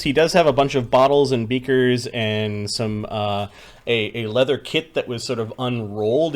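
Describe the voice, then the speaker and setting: A man narrating a tabletop game as game master, casual and loose, often laughing. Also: mid-range voice.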